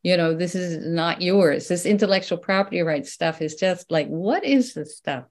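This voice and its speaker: An older woman talking as an interview guest, in a lively, casual way, laughing often and restarting her sentences. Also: on the low side, moderate pace. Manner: animated, laughs often, many restarts and fillers. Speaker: guest, researcher.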